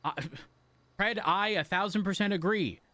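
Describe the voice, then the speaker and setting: A man's voice: high-pitched, normal speed, dry recording. A man roleplaying a police officer, talking in a placating, teasing way. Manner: placating, teasing, with soft laughs. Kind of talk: GTA roleplay conversation.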